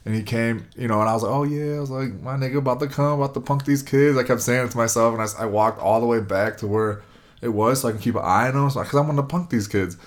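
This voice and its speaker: A man's voice: on the low side, fast talker. A man, around his twenties, telling a long casual story, rambling with lots of fillers. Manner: rambling, lots of "like" and "you know".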